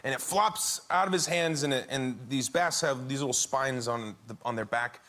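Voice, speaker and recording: A man's voice: mid-range voice, normal speed, pushed and bright. A man who is a talk show guest, chatting casually and telling an anecdote with frequent laughter in a TV studio. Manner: laughing often while telling a story. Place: TV studio with audience.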